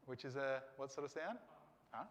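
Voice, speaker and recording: A man's voice: mid-range voice, normal speed, in a large hall, a little hiss or hum. A man teaching a class to read Greek letters, coaxing students with questions and encouragement.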